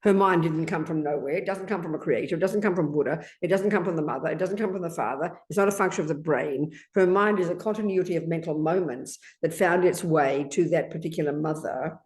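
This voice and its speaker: A woman's voice: low voice, brisk, hardly any pauses, darkish tone. A woman Buddhist teacher giving an emphatic dharma talk, often asking her listeners rhetorical questions. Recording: echoey room.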